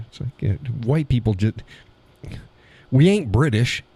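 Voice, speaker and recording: A man's voice: medium pitch, animated, moderate pace, pauses often, mellow, husky. A man hosting a live stream, reading chat and giving blunt, scornful commentary with frequent laughs.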